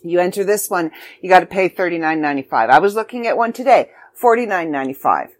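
A chatty middle-aged woman from Canada gives a casual announcement about a writing contest. Her pitch swings freely from low to high, and she drops in quick, emphatic, self-deprecating asides. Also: expressive. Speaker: magazine editor and contest promoter.

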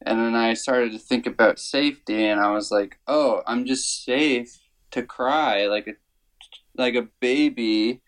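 A man speaking as an interview guest, telling a personal story slowly and earnestly, with many pauses and fillers. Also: medium pitch, low-quality recording. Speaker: worship songwriter guest.

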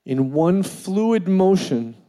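A man telling a funny personal story in an animated way, full of fillers and laughing as he goes. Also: sits high, slow pace. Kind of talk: comedic storytelling.

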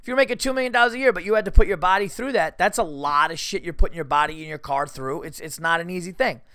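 A man's voice: high-pitched, quick pace, clean tone, no room sound, clean studio sound. Ranting New man with a cold. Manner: animated, profane ranting. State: has a cold. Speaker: podcast host. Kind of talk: casual comedic monologue.

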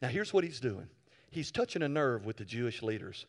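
A male pastor preaching a sermon, telling stories with animated swings from quiet asides to loud bursts. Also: medium pitch, fairly quick.

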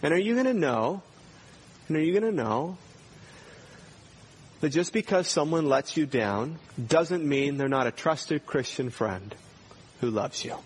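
A man's voice: on the high side, lively intonation, unhurried, long pauses, slightly rough. A male pastor preaching a sermon in a church, earnestly putting pointed questions to his congregation.

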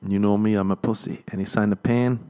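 Irish male podcaster, lowish voice, loose self-mocking comic rambling. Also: fairly even intonation, a little fast, dark tone, clear, resonant tone. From Ireland. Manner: rambling, self-mocking storytelling with acted-out dialogue. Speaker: podcast host. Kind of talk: comedic solo podcast monologue.

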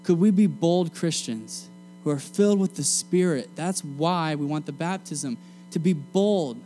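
A young man preaching a sermon to a room of students in a casual, energetic, slangy way. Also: on the high side, measured pace, faint music behind. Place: meeting room.

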